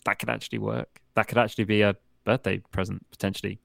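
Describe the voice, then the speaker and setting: British male co-host, thirties, low gravelly voice, dry close sound, relaxed and hesitant. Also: fast, dry recording. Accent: British English. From United Kingdom. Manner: easygoing, laughs along, hesitant fillers. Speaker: podcast co-host. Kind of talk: casual podcast chat.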